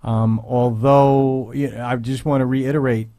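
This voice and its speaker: Earnest measured man hosting radio. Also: medium pitch, level tone, mellow, no room sound. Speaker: radio show host. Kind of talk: radio commentary. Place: radio studio.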